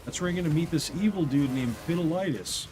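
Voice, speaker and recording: A man voicing a soothing, deep-voiced male game guide narrator, talking in a smooth, warm, deliberate way. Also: noisy background, natural voice.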